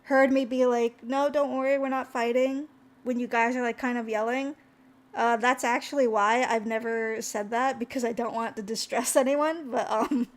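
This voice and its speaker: A woman's voice: fairly high pitch, fairly even intonation, normal speed. A young woman streamer telling a story casually to her chat, rambling with lots of fillers and laughs. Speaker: VTuber streamer.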